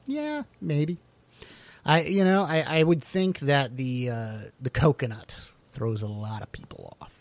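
A man's voice: a little high, animated, measured pace. A man co-hosting a podcast, reading food facts aloud with jokey asides and the odd stumble over words. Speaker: podcast co-host.

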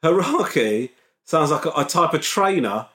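A man co-hosting a comedy podcast who teases in a dry, wry way. His pitch moves up and down a lot. The room adds a noticeable echo. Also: expressive, brisk. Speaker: podcast co-host. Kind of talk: casual comedic chat.

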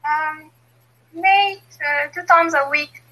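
Bright, high young woman learning English. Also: steady tone, slow, low-quality recording. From Egypt. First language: Arabic. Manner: hesitant, with fillers and grammar slips. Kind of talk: online lesson conversation.

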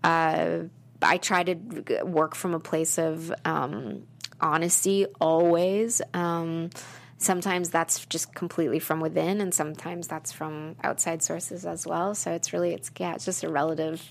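Actress guest, lowish gravelly voice, chatty with many restarts. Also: female voice, steady tone, a little slow. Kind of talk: casual interview chat.

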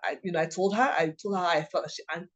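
A woman, a mother of several children, telling a personal story in a halting, emotional way, often restarting her sentences. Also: on the low side, fairly even intonation, highs cut off. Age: adult mother of several children. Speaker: guest sharing a personal story.

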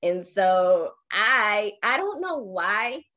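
A woman in her forties telling her personal story as an interview guest, reflective and emotional, pausing often with fillers. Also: mid-range voice, sing-song, bright, forceful tone, muffled recording. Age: 40s.

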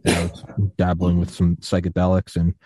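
A man in his twenties hosting a podcast interview, telling rambling stories and quoting others in lively voices. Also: low voice, normal speed, noisy background. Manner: rambling storyteller, quotes others in animated voices. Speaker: podcast host. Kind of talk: casual interview chat.

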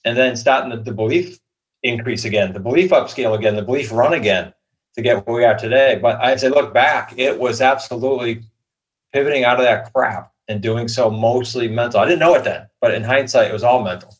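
A man's voice: medium pitch, brisk, highs cut off. A man, answering interview questions in a reflective, conversational way. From Boston area. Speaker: podcast guest.

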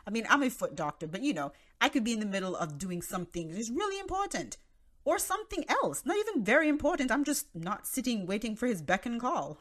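A woman in her thirties hosting a Christian teaching podcast, talking in an animated, conversational way and acting out the voices she quotes. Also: medium pitch. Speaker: podcast host.

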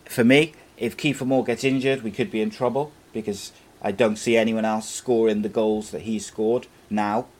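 A man's voice: fairly low pitch, steady tone, moderate pace, few pauses, darkish tone. A man hosting a live football chat show, chatting with his co-host and reading out viewer questions.

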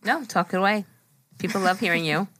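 A young woman co-hosting a podcast, chiming in with quick supportive agreement in casual chat. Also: mid-range voice, fairly bright tone, dry recording. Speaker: podcast co-host.

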